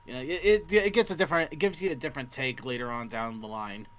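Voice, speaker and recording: A man co-hosting a casual online panel chat, explaining things in an animated way. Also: mid-range voice, fast. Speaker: podcast co-host.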